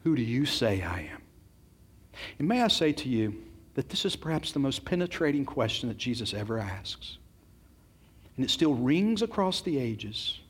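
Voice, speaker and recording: With a slightly rough, sing-song voice at medium pitch, this preacher moves at a normal speed. His sermon is emphatic and sincere, full of repeated words and questions aimed straight at the people in the pews.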